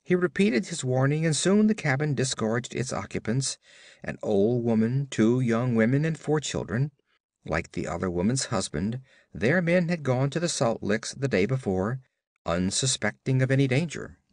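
A man giving expressive, dramatic audiobook narration of a pulp adventure. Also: mid-range voice, moderate pace, dry recording, studio quality.

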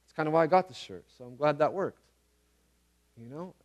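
Earnest, slightly high-voiced male preacher. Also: fairly quick. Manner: earnest, repeats phrases for emphasis; casual slang in preaching. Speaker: pastor. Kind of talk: conversational sermon.

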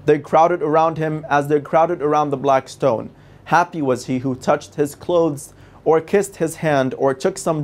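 A man's voice: on the high side, darkish tone. Formal, reverent man with a raised voice. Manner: formal, measured, reverent delivery. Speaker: presenter of a religious TV series. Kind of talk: scripted religious lecture.

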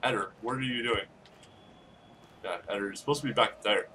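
A man streaming a football game, chatting casually, yelling at his players and swearing. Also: lowish voice, brisk, recorded from a distance, slight background noise. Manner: excitable, yells at players, swears. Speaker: gaming streamer. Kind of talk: casual gaming commentary.

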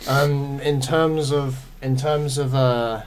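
A man's voice: medium pitch, steady tone, takes it slowly, clean tone. Rambling man casting esports. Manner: rambling, repeats words, laughs often. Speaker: esports caster. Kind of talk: casual esports commentary.

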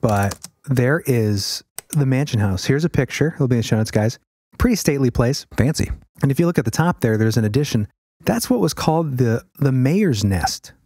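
A man's voice: mid-range voice, animated, moderate pace, a little mellow, slightly rough, no room sound. A man co-hosting a podcast, chatting casually and a bit hesitantly as he explains history. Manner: rambling, hesitant, with fillers. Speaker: podcast co-host.

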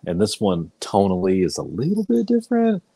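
A man's voice: on the low side, brisk, vocal fry, breathy edge, no room sound. A man co-hosting a casual movie podcast, swearing freely and restarting his sentences. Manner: profane, excitable, trailing restarts. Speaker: podcast co-host.

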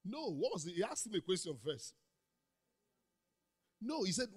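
A pastor with a Nigerian English accent preaching a sermon in a church auditorium, calling out to the congregation and building up to shouted lines. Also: male voice, high-pitched, very animated, moderate pace, long pauses, slightly rough. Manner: preaching with crowd call-outs, swelling into shouts.

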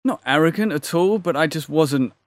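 A man's voice: fairly high pitch, lively intonation, moderate pace, no echo. Rambling man telling a story. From England. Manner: rambling, full of "sort of" and quoted dialogue. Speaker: actor, interview guest. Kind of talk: casual interview storytelling.

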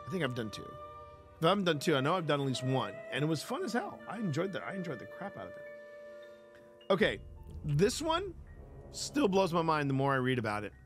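A man hosting a stream, casually reading weird news stories aloud and rambling through them with frequent laughs and restarts. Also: on the high side. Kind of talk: casual commentary.

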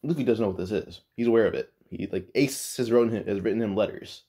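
Speaking fast in a lowish, mellow voice, a man casually retells a story from anime fandom. He rambles, stuffs his sentences with "like," and keeps restarting himself, sounding relaxed and unscripted.

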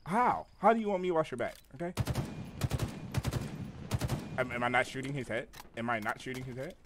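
A man's voice: mid-range voice, brisk, background noise. Profane ranting gamer man. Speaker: gaming streamer. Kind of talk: raging gameplay commentary.

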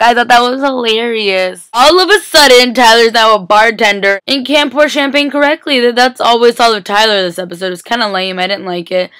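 A young woman vlogger, sleepy and filming at four a.m., rambles through a casual recap of a TV episode, giggling and saying "like" constantly. Her voice is on the high side, a little fast, fairly bright, clear and resonant with no echo, recorded on a laptop webcam mic.

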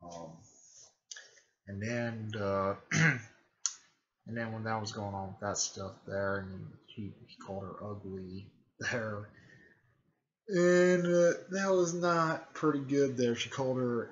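A man with a fairly low voice talks through a story recap in a loose, meandering way, stopping for fillers and repeated throat clearing. The recording is dull and lo-fi. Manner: halting, full of fillers and frequent throat clearing. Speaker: video creator recapping a fan series. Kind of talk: rambling casual recap.

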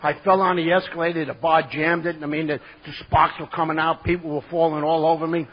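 Gruff New York man telling his story. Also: a little high, flat delivery, a little fast, highs cut off, slight background noise. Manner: gruff streetwise storyteller, acts out quotes. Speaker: speaker sharing his recovery story. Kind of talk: conference talk, storytelling. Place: conference hall.

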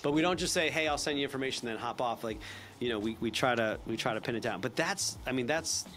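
A man giving a casual sales training talk, chatty and energetic, acting out upbeat phone greetings. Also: medium pitch, quick pace, a little hiss or hum.

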